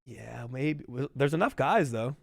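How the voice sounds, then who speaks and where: A man's voice: mid-range voice, lively intonation, unhurried, creaky. A man casting a live esports stream, rambling and joking while talking to chat. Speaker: esports caster.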